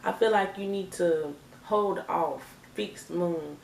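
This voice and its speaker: A woman gives a casual tarot reading in a lowish, gravelly voice, chatty and emphatic, repeating herself for effect. She sits a bit back from the mic in an echoey room with faint noise behind. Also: slow, a little mellow, far from the mic. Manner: chatty, emphatic, repeats phrases, laughs often. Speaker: tarot reader.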